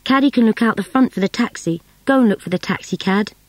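Brisk, helpful older sister, read by a woman; dry. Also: mid-range voice, no echo, natural voice.

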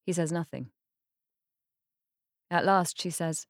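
A woman narrates an audiobook in a calm, measured way. She reads slowly, with a somewhat low voice. The recording is close and dry, with no room sound. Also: no room sound. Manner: measured, unhurried storytelling. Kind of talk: scripted narration.

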